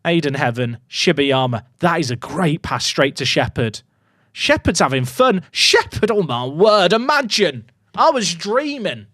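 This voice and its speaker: A streamer narrates his football management game to chat, his fairly high voice leaping between hushed nervous muttering and excited shouts. The sound is dry and close, with no room around it. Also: unhurried, no room sound. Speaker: gaming streamer. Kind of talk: live game commentary to chat.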